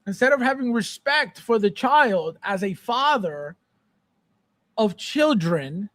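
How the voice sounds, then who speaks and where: A man's voice: sits high, animated, slow pace, a bit bright, dry recording. A man hosting a live collector show, ranting with exasperation and repeating himself as he answers chat. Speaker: podcast host. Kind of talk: live-stream chat with viewers.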